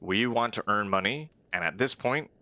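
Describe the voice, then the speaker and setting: Deep-voiced man doing wry game commentary. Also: expressive, normal speed, sharp tone, no room sound, dull audio. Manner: chatty, wry and self-aware asides. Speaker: let's-play host.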